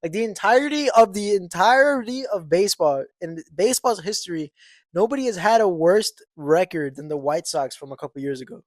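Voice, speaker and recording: A young man co-hosting a podcast, joking around and quick to laugh. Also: sits high, expressive, dry recording. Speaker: podcast co-host. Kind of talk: casual podcast chat.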